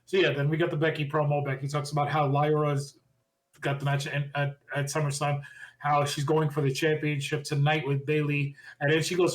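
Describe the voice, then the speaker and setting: A man co-hosting a podcast, casually recapping wrestling shows with animated opinions. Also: fairly high pitch, low-quality recording. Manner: animated, quick recapping with impressions of quotes. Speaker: podcast co-host.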